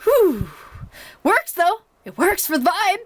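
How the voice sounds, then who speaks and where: A woman's voice: very high voice, big pitch swings, slow, no echo. A young woman casually reviewing a movie at home, chatty and rambling with lots of fillers and restarts, acting out her own reactions.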